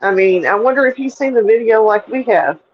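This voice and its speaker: A woman from the American South with a Southern accent, speaking calmly and courteously on a panel. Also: fairly high pitch, highs cut off. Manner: measured, courteous, explains calmly. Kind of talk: casual chat.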